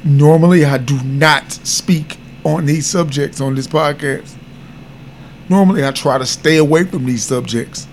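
A man's voice: fairly high pitch, unhurried, a little hiss or hum. A man hosting a podcast, talking earnestly and from the heart. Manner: earnest and heartfelt, speaking openly. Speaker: podcast host. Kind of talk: podcast commentary.

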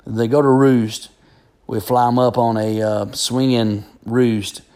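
A man's voice: mid-range voice, slow pace. Rambling man telling a story. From Alabama. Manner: rambling, animated, full of fillers and restarts. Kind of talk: casual storytelling.

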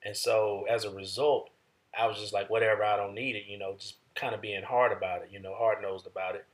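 A man's voice: lowish voice, fairly even intonation, a little fast. A man in casual conversation, speaking plainly and reflectively. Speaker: husband in a podcast conversation. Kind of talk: casual chat.

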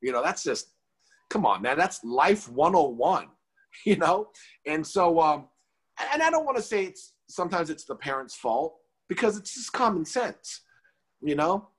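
A husky man with a fairly high voice talks in casual chat, swinging his pitch widely as he acts out what he tells the kids. He is a youth coach, lively and expressive. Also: a little slow. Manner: animated, acts out kids and himself in quoted dialogue.

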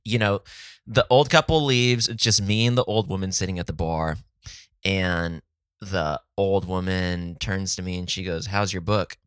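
A man's voice: sits low, a little slow, a bit bright, smooth, dry recording, studio quality. A man from San Diego co-hosting a podcast, telling a story in casual chat, laughing often and acting out the people he quotes. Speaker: podcast co-host.

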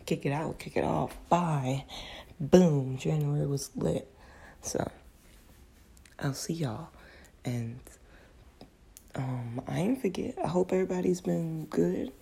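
A woman's voice: low voice, slow, vocal fry, pauses often, warm tone, slightly rough. A young woman hosting a casual solo podcast, talking candidly in slang, her voice groggy and cracking because she just woke up. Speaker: podcast host.

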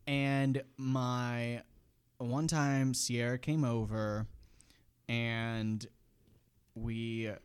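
A man co-hosting a podcast, telling stories in casual chat and loudly acting out other people's lines. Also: medium pitch, very slow, long pauses, clean tone. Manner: animated, acts out voices in shouts. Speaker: podcast co-host.

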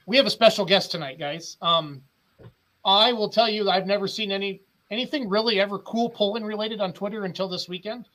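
A man hosting a live weekly show in a high, bright voice. He rambles, cracks corny jokes and keeps things loose. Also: brisk, rough recording. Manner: jokey, rambling, laughs often. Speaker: host.

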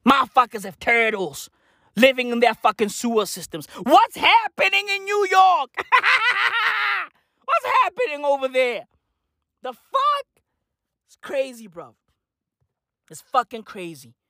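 A vlogger ranting to camera in a slangy, profanity-filled comedic monologue, repeating "bruv" and "fam," with a voice going hoarse. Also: mid-range voice, fairly bright tone, dry recording, clean studio sound. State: losing their voice, hoarse.

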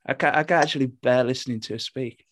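A man's voice: medium pitch, fairly even intonation, fast talker, a bit bright, dry recording. A man with a Hull accent, co-hosting a podcast over a video call, bantering casually and swearing a lot. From Hull, England. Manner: sweary, self-mocking banter. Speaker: podcast co-host. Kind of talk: casual chat. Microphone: studio mic with pop shield.

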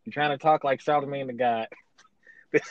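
A man's voice: mid-range voice, steady tone, normal speed, no room sound, lo-fi sound. A man co-hosting a casual podcast, teasing his partner bluntly and swearing heavily. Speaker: podcast co-host.

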